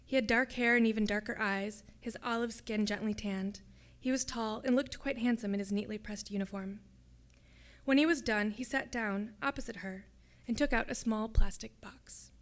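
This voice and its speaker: A woman, a graduate student, reading her own fiction aloud at a public reading in a lecture hall, in a steady descriptive way. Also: fairly high pitch, normal speed.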